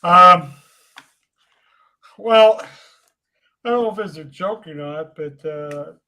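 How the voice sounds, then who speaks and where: A man, a guest comedian on a talk show, telling jokes in a deadpan way with pauses. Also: high-pitched. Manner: deadpan, dry delivery with pauses.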